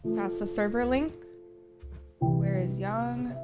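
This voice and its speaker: A woman's voice: mid-range voice, measured pace, long pauses, over loud music. A woman streaming a game live, chatting casually with her viewers, swearing often and reacting to chat.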